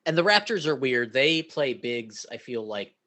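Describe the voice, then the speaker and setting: A man co-hosting a podcast, giving relaxed, opinionated sports takes in casual chat and sometimes dropping into quieter asides. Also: medium pitch, moderate pace. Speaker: podcast co-host.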